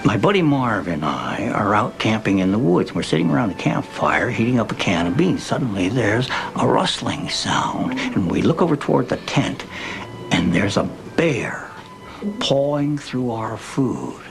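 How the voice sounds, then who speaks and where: An actor playing an older small-town barber, who tells folksy stories slowly with a gravelly voice. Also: male voice, lowish voice, sing-song, heavily acted. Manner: slow, folksy storytelling.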